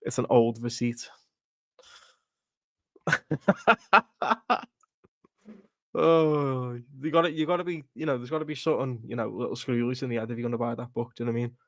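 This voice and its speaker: A man chats on a live football watchalong stream. He rants bluntly, swears freely and laughs at his own points. His mid-pitched voice sounds dry and close to the mic. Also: moderate pace, long pauses, a bit bright, no echo. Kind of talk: casual live stream chat.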